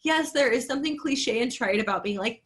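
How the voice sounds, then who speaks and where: A woman's voice: on the high side, lively intonation, a little fast, fairly bright tone. Lady on a podcast, thoughtful, earnest, says like a lot. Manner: thoughtful, earnest, many fillers like "like" and "right". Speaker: podcast co-host. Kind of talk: casual reflective podcast chat.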